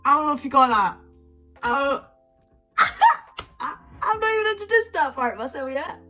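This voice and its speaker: A young woman talking through a makeup tutorial in a rambling, self-mocking way, full of restarts, and now and then dropping to a breathy whisper as she concentrates. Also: high voice, sing-song, moderate pace, sharp tone, faint music behind, poor audio. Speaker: beauty vlogger.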